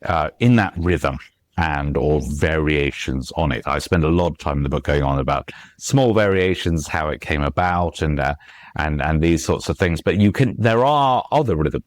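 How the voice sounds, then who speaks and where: A man's voice: a bass voice, moderate pace. A man being interviewed as a guest author, explaining at length with frequent fillers and restarts, reciting lines of verse and tapping out their rhythms. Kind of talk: conversational podcast interview.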